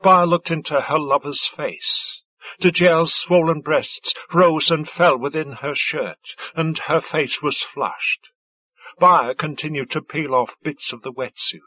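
A man reading fiction aloud as an audiobook narrator, in a measured, scripted way. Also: a little high, steady tone, bright, forceful tone, no echo, highs cut off.

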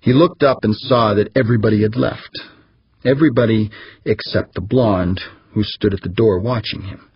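Narrator: man, low husky voice, dull lo-fi sound, reads fiction with light character voices. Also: normal speed, dry recording. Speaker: audiobook narrator. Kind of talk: scripted narration.

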